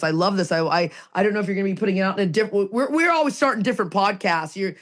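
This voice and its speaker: A woman co-hosting a podcast, talking in an earnest, emphatic way and repeating phrases for effect. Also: mid-range voice. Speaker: podcast co-host. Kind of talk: casual recovery podcast talk.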